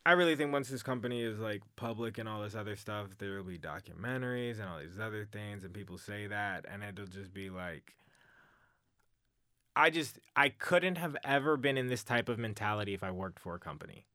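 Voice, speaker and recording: A young man in his twenties, a podcast guest, talking excitedly with lots of slang and fillers. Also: on the low side, a little fast, no room sound, studio quality. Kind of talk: casual chat.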